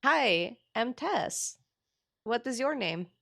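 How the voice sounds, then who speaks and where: A woman voicing an excitable, cheerful tiefling girl who talks about herself in the third person, in an eager, bubbly manner. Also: medium pitch, measured pace, no echo, studio quality, voice pushed up, natural voice. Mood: excited.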